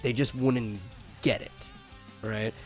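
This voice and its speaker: A man's voice: medium pitch, fairly even intonation, slow, faint music behind. A man co-hosting a casual podcast chat who rambles and restarts his sentences, repeating words as he goes. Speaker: podcast co-host.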